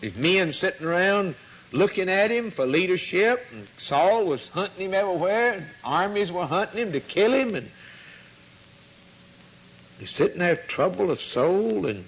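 A man's voice: expressive, moderate pace, fairly bright tone, breathy edge, low-quality recording. A man preaching a sermon, telling a story and acting out the quoted voices. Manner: storytelling preacher, acts out quoted voices, rises in pitch when stirred.

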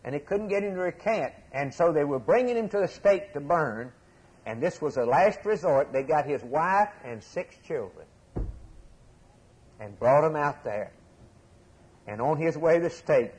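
A man preaching with a drawl, his voice a little high and husky. He tells his story with passion, rising to loud emphasis and dropping to low, hushed asides. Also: rough recording. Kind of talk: sermon.

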